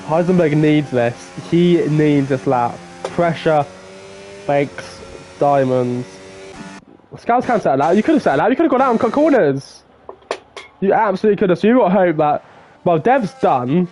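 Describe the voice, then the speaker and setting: Excitable male race commentator. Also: normal speed, faint music behind. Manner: excitable, swings from low murmurs to loud shouts. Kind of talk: live sim racing qualifying commentary.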